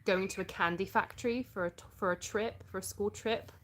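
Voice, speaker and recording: Born in the US and raised in England, a woman with an English accent chats casually on a live stream, answering viewer comments, laughing a lot and sometimes hunting for words. Her mid-range voice is fairly quick, fairly bright and fairly even in intonation, with a little hiss or hum in the background.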